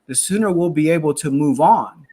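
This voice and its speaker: A man hosts a casual interview about faith, his voice fairly high, animated, dark-toned and slightly rough at a moderate pace. He reflects thoughtfully, often restarting and repeating words.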